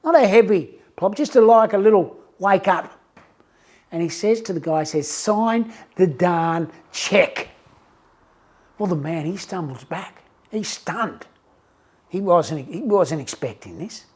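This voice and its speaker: A man, a success coach, telling a story in a casual, animated way with frequent restarts. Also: high-pitched, moderate pace, breathy edge. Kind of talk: motivational storytelling.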